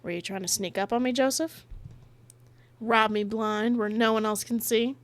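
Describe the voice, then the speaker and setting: A woman's voice: fairly high pitch, steady tone, moderate pace, natural voice. A woman voicing a young, scarred male hawk outlaw who speaks courteously in a put-on Southern drawl. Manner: courteous, folksy cowboy talk.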